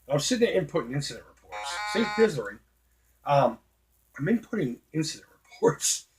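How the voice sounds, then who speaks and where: A middle-aged man with a Boston accent chats loosely over a retro game, drifting into a long story, swearing freely and stacking up ums and uhs. His voice sits a little higher than most men's. A faint noise runs under the recording. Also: very animated, brisk. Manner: rambling, profane storytelling with frequent fillers. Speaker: retro gaming host. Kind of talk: casual gameplay commentary.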